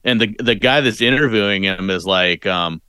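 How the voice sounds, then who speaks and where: A man's voice: fairly low pitch, moderate pace, pushed and bright, clean tone, no echo, studio quality. A man co-hosting a podcast in casual chat, rambling with lots of restarts and fillers. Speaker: podcast co-host.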